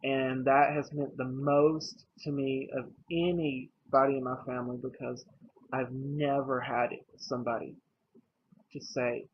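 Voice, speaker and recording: A man's voice: mid-range voice, little pitch movement, unhurried. A young man vlogging about his own life in a casual, earnest and emotional way, speaking plainly to the camera. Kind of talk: personal storytelling to camera. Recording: slightly dull lo-fi recording with faint noise.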